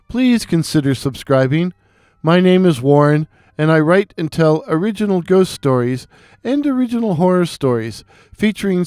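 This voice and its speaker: A man with a head cold and a gravelly voice, hosting and reading weird tales with theatrical asides to his listeners. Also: fairly high pitch, a little mellow, no room sound, studio quality. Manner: theatrical, addresses listeners directly. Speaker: storyteller and channel host.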